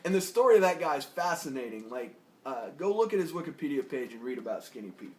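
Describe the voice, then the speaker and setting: A laid-back man co-hosting a casual TV review, rambling along with easy jokes. His voice sits a bit high for a man. The room is echoey, with a faint hiss underneath. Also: very animated, fast. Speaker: podcast co-host.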